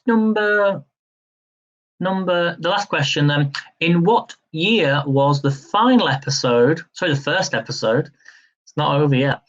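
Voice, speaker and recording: A man's voice: a little high, lo-fi sound. A man hosting a live-stream quiz, chatty and upbeat, laughing easily as he reads questions and counts down. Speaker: quiz host.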